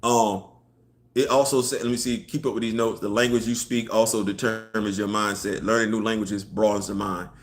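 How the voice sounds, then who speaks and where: A man's voice: lowish voice, moderate pace. Emphatic man hosting a live stream. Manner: animated, emphatic, fires off rhetorical questions; reads and answers viewer chat. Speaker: host of a live online show. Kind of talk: casual live-stream commentary. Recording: echoey room.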